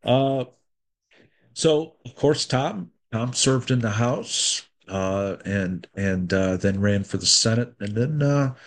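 A man hosting a talk show, introducing his guest and asking questions in a halting way with many fillers. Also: medium pitch, expressive. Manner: halting, lots of fillers and restarts. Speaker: radio host.

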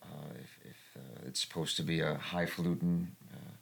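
Deep gravelly guy from new england, stage actor, halting restarts, husky. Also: fairly even intonation, fairly bright tone. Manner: reflective, halting, with frequent restarts. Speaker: community theater actor. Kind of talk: casual panel discussion.

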